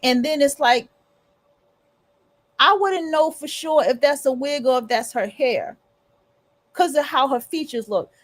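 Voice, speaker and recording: A woman's voice: high-pitched, a little slow, pauses often. A woman hosting a livestream, talking casually and rambling with restarts and blunt, profane asides. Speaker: livestream host.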